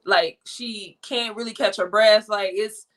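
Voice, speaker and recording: A young woman telling a personal family story in casual, animated talk, slipping into quoted voices. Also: medium pitch, a little slow. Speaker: guest.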